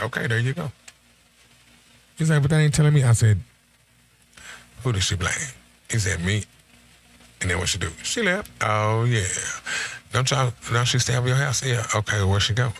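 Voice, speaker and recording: A man's voice: fairly low pitch, fairly bright tone. A middle-aged man telling a story in a casual, slangy way, quoting himself and his friend as he goes. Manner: laid-back, slangy, quotes himself and his friend in conversation.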